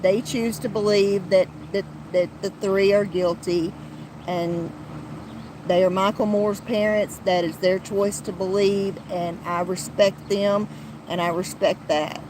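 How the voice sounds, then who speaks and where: A woman's voice: mid-range voice, steady tone, unhurried, background noise. A woman hosting a podcast, talking in a blunt, heated way with frequent restarts and some swearing. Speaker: podcast host. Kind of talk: casual commentary podcast.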